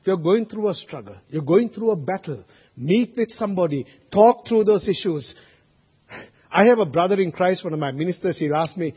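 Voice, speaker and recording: Pastor, male, husky and high, earnest sermon delivery with loud peaks and soft asides; dull lo-fi church recording. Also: expressive, moderate pace. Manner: earnest, swings from loud exhortation to quiet asides. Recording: dull lo-fi sound with long hall reverb.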